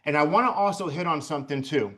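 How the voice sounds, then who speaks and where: Blunt, swearing man with a higher voice. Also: fast talker, sharp tone. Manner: blunt, swears freely, emphatic. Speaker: videographer. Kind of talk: casual chat.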